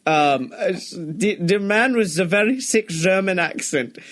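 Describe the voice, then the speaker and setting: A young man co-hosting a podcast, chatting casually, excited and swearing often, laughing as he talks. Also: high voice, measured pace. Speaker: podcast co-host. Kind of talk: casual chat.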